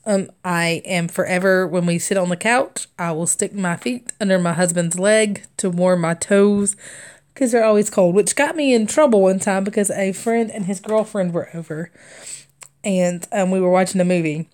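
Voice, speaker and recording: A young woman stitches on a craft livestream, telling rambling, casual stories punctuated by laughter and filler words. Her mid-range voice is a little mellow and moves at a moderate pace.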